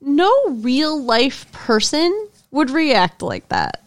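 Lively, giggly female podcast co-host. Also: high voice, very slow. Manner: laughs often, agreeable, chatty. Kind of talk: casual recap chat.

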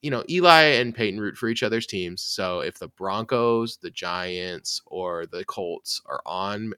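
A man hosting a sports podcast, talking casually and running the show; he is lively, trails off and laughs often. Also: on the low side, unhurried, clean tone, no echo, studio quality. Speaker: podcast host.

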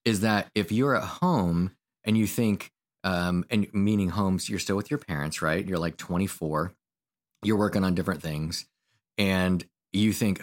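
A man co-hosting a podcast, chatting casually and telling family stories in a relaxed way. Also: sits low, unhurried. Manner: relaxed storyteller, acts out family anecdotes. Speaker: podcast co-host. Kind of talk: casual conversational podcast talk.

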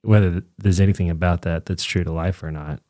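A man with a low voice co-hosts a casual film podcast. He explains things in a thoughtful, measured way. The recording is dry and close. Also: steady tone, dark tone, no echo. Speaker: podcast co-host.

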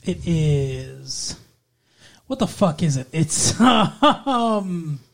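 A man's voice: fairly high pitch, big pitch swings, extremely slow, vocal fry, fairly bright tone. A young man co-hosting a casual show, joking and swearing freely as he chats. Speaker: podcast co-host. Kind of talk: casual chat.

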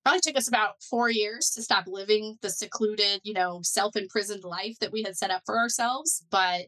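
Bright-voiced woman telling her story. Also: medium pitch, moderate pace, poor audio. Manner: animated storyteller, many "like" and "you know" fillers. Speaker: guest, foundation director and neuroscientist. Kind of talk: conversational interview.

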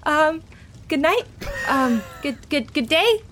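A woman's voice: high voice, sing-song, takes it slowly, a bit bright, a little hiss or hum, voice pushed up, heavily acted. A woman voicing her flustered young character, who stammers and repeats herself nervously.

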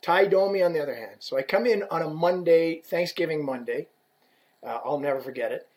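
A middle-aged man telling a lively, profane workplace story in a casual chat, acting out the people he quotes. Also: a little high, brisk. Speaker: guest telling stories from work as a stick rep.

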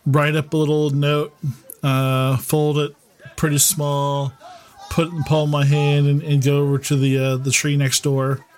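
A man's voice: fairly high pitch, flat delivery, moderate pace, soft background music. A man playing a tabletop game, describing his actions hesitantly with fillers. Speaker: player.

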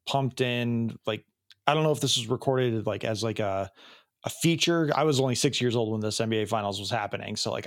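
A man's voice: mid-range voice, no echo. Man in his thirties, podcast co-host, loose rambling recap delivery, dry close sound. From Chicago area, USA. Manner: rambling, many ums and restarts. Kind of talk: casual recap chat.

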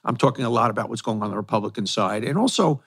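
A man hosting an interview, asking long questions in an earnest, halting way. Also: fairly low pitch, gravelly, fairly bright tone, breathy edge. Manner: earnest, halting, searching for words. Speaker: host, interviewer.

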